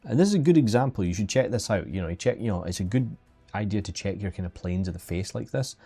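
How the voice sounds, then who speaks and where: A man's voice: lowish voice, animated, fast, vocal fry, dark tone, breathy edge. A man chatting casually and jokingly while teaching digital sculpting on a live stream, often restarting his sentences. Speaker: 3D sculpting instructor. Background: faint background music.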